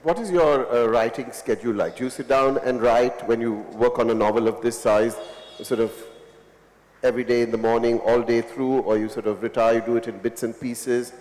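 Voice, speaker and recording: A male interviewer questions an author at a literature festival in a chatty, teasing way. His mid-pitched voice sits in a roomy space. A long hall reverb follows his words. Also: steady tone, fairly quick, darkish tone. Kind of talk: onstage festival conversation.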